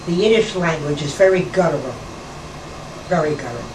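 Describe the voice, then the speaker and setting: A woman in her nineties from New York, reminiscing slowly in a rambling conversation with pauses and restarts. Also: low-pitched, animated. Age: 90s. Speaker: interviewee, former nightclub performer. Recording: roomy, distant mic, air-conditioner hum.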